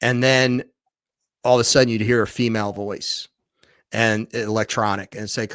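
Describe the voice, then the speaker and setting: A man's voice: on the low side, normal speed, no echo, studio quality. A man, a documentary filmmaker and author, recounts a story as a podcast guest, restarting and repeating himself as he goes. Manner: animated retelling with frequent restarts and repeats.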